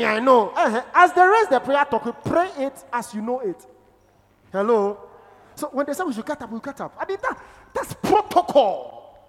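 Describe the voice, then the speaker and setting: An animated preacher, whose voice leaps across a wide range of pitch. The delivery swings from loud, emphatic exclamations down to low, quiet murmurs. Long reverberation from the hall trails behind every phrase. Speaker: pastor. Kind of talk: sermon.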